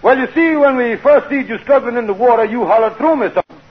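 A man playing a scheming, smooth-talking con man in a 1940s radio sitcom, wheedling and flowery with grammar slips. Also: extremely high pitch, fast, lo-fi sound. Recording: hissy old radio recording.

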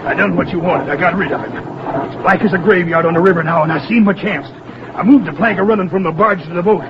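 A man acts out a dim-witted, loyal deckhand who is sheepish and eager to please. His voice sits high. The old radio recording is muffled, with clear hiss underneath. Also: fast, close to an everyday voice. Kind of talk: 1940s radio acting.

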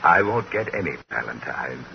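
Shy formal suitor, timid and flustered, lively pitch, vintage radio hiss. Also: male voice, moderate pace, creaky, full character voice. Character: shy, formal middle-aged man courting a coworker. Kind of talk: 1940s radio comedy acting. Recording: dull, hissy old radio recording.

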